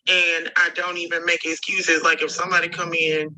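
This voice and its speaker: A woman's voice: lowish voice, flat delivery, a little fast, sharp tone, low-quality recording. A woman leaving a voice memo for a podcast, reflective and rambling as she talks things through aloud. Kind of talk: recorded voice memo.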